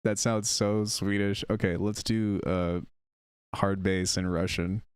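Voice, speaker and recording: A male music producer on a casual live stream, chatting with viewers while demoing software, rambling and unsure of himself. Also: deep voice, steady tone, slow pace, clear, resonant tone, dry recording.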